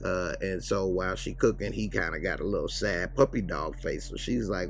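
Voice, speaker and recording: Low-voiced man casually recapping a show. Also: gravelly. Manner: loose, conversational retelling with quick acted quotes. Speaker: TV show reviewer.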